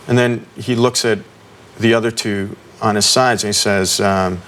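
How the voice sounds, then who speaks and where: A low-pitched middle-aged man tells an interviewer about an ordeal, pausing often with ums and restarting his sentences. A faint hiss of noise sits under his voice. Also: fairly even intonation, a bit bright. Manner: halting, with many ums and restarts. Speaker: interview guest.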